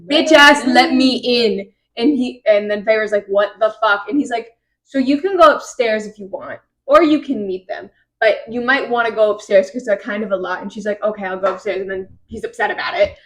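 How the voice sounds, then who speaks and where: A woman's voice: mid-range voice, brisk, rough recording. A woman recapping a novel's chapters in casual, rambling podcast chat, acting out the characters' lines. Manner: rambling retelling with quoted voices. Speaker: podcast host.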